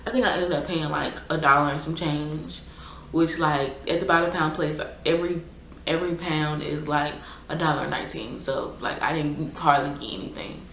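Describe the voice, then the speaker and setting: A young woman recounts a story to her viewers in a loose, filler-heavy, exasperated way. Her voice sits on the low side for a woman. The room around her is echoey, with a faint hum of ambience. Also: steady tone, moderate pace, gravelly, a bit bright. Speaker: YouTuber. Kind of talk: casual storytime.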